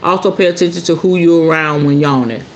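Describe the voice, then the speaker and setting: A woman's voice: sits low, fairly quick, roomy sound, slight background noise. A woman hosting a spiritual talk show in a casual monologue, blunt and preachy. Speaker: host.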